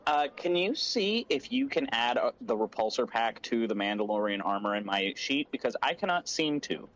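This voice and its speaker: A man's voice: medium pitch, animated, normal speed, a bit bright, poor audio. A man playing in a tabletop game, chatting casually with blunt, laughing humor. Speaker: player. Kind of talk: casual chat.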